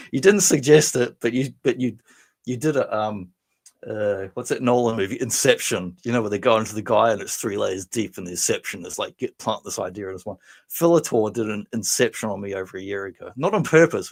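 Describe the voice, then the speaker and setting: Man from New Zealand, livestream host, low voice, loose rambling chatter with plenty of swearing. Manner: rambling, chatty, swears freely, laughs often. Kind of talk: casual livestream chat.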